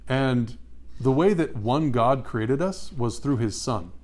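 A man teaching a Bible study. He reads scripture slowly and with emphasis and puts questions to his listeners. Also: medium pitch, a little mellow.

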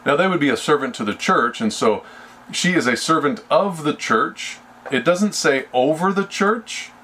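A man leading a Bible study, speaking slowly and deliberately and often restarting his sentences. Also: on the high side, lively intonation, bright, forceful tone, slight background noise. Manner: slow and deliberate, with frequent restarts. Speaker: Bible teacher.

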